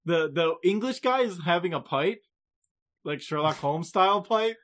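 A man chatting through an anime recap on a podcast, his voice sitting fairly high. He swings his pitch widely and laughs easily as he talks. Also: normal speed. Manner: animated, laughs often, mimics characters. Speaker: podcast co-host. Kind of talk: casual chat recapping an anime.

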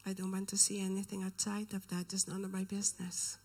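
A woman's voice: medium pitch, monotone, brisk, a little mellow, slightly rough. A woman preaching and telling a personal story, often dropping into a whisper for emphasis. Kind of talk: sermon storytelling.

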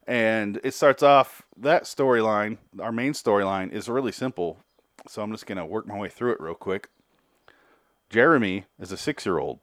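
A man's voice: lowish voice, normal speed, fairly bright tone, no echo, studio quality. A man giving a casual, rambling recap, sarcastic and foul-mouthed, with lots of digressions. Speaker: reviewer.

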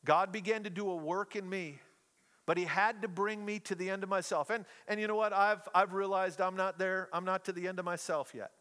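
A middle-aged man preaching a sermon to a congregation, telling stories with playful, animated asides. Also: sits high, a little fast, in a large hall. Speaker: pastor. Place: church hall, live congregation.

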